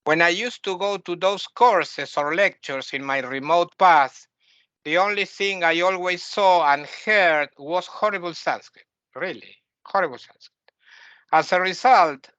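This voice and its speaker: A man lectures on spiritual practice, blunt and opinionated, often circling back to repeat his point. His voice sits fairly high and sounds bright and tense. The recording is dry and a little dull. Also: measured pace, no room sound. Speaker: spiritual teacher. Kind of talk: spoken lecture.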